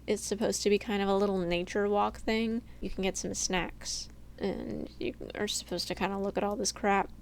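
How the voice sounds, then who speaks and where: A young woman casually narrating a tour of her game build, chatty and self-deprecating, laughing often and sounding a little sleepy. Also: mid-range voice. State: sleepy, yawning. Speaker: gaming channel host. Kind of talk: casual game walkthrough voice-over.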